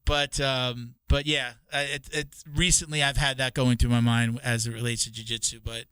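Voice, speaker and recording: A man's voice: medium pitch, flat delivery, normal speed, a bit bright, smooth, no room sound. A man co-hosting a podcast, talking casually and rambling, swearing and restarting his sentences often. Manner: rambling, profane, with many restarts.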